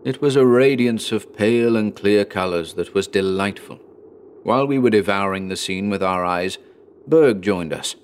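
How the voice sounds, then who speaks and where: A man giving a measured, dramatic scripted narration of a horror story. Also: lowish voice, slight background noise. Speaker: audiobook narrator.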